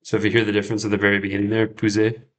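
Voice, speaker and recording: A man's voice: fairly low pitch, completely flat delivery, very fast, a bit bright. A man hosting a casual livestream study session, thinking aloud and repeating words as he checks himself. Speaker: French learner and livestream host.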